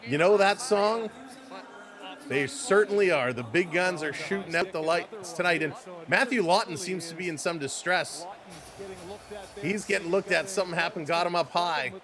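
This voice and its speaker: Man, high-pitched voice, casual live-stream play-by-play, chatty, greets viewers by name. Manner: rapid play-by-play calling of hockey action. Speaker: live-stream sports host.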